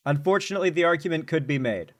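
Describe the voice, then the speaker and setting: A man giving casual, animated commentary while reacting to news clips, urgent and joking by turns. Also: a little high, very fast.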